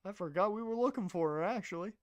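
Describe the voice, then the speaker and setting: A woman's voice: medium pitch, expressive, fast talker, darkish tone. A woman streamer playing a game, making chatty, joking asides between lines of dialogue. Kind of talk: reading game dialogue aloud, casual commentary.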